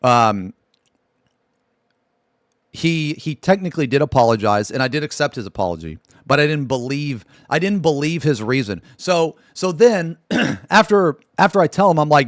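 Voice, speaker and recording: A man's voice: fairly high pitch, lively intonation, normal speed, dry recording. Dry, profane streamer man ranting. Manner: profane, rambling, rants to chat with restarts. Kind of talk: casual live-stream storytelling.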